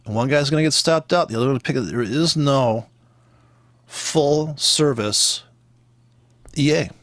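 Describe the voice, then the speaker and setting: A man's voice: mid-range voice, measured pace, a bit bright, dry recording. A man giving blunt, profane, exasperated trading commentary while walking through charts. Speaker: forex trader teaching.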